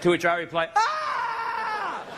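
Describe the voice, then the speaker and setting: A male stand-up comedian telling a story on stage in a brash, self-mocking and animated way. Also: high-pitched, a little fast, over a noisy crowd, very noisy.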